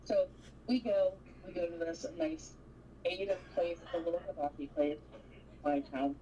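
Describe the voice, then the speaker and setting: A woman's voice: fairly low pitch, normal speed, distant mic, lo-fi sound. A woman co-hosting a casual livestream, telling a dating story animatedly and acting out what people said. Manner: animated storyteller, acts out quotes. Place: home livestream setup.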